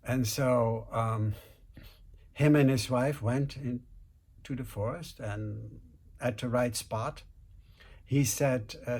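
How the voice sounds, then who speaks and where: Husky-voiced man, mid pitch, telling a folk tale informally, fillers, acts out the characters. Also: slow, long pauses. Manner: relaxed, with fillers and restarts, voices quotes. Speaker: storyteller.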